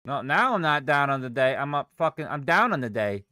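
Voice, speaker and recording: Young male day-trader ranting on a live stream, swearing freely, voice swinging up and down, unhurried, recorded dry and close. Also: medium pitch, very animated, pushed and bright, no room sound. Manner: profane, exasperated outbursts.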